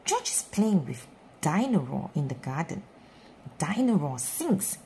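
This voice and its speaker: A woman reading a children's bedtime story aloud in a slow, sing-song storytelling manner. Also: sits low, sing-song, mellow, slight background noise, poor audio.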